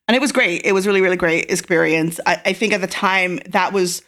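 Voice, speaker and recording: Rambling storyteller with faint Irish lilt. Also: female voice, on the low side, fairly even intonation, fairly quick, fairly bright tone. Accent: Irish, faded. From Ireland. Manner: rambling storyteller, frequent fillers, acts out quoted lines. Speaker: guest. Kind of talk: casual interview.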